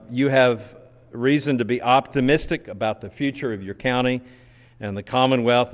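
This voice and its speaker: A man's voice: medium pitch, clear, resonant tone. West Kentucky man reading a letter. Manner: formal reading with "uh" fillers. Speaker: state transportation field representative. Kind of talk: reading a letter aloud at a public meeting. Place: county courthouse meeting room. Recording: long reverb of a courtroom.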